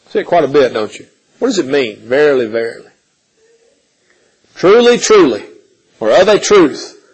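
A man's voice: fairly high pitch, breathy edge, poor audio. A man teaching a Bible study, reading scripture and asking his listeners questions, often checking with "okay?".

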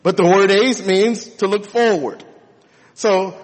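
Emphatic preacher in a reverberant hall. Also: male voice, sits high, steady tone. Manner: emphatic, drawn-out stresses on key words. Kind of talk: sermon.

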